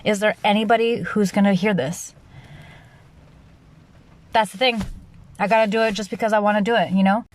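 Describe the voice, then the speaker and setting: A young adult woman hosting her own podcast in a loud, rambling solo monologue, restarting sentences often and laughing at herself. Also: mid-range voice, moderate pace, pauses often. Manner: loud, animated delivery. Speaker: podcast host.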